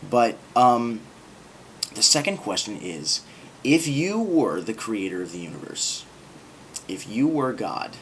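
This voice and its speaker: A man's voice: on the low side, big pitch swings, slow, a little hiss or hum. A man talking casually to camera in a rambling, sarcastic monologue with lots of filler words. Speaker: video blogger.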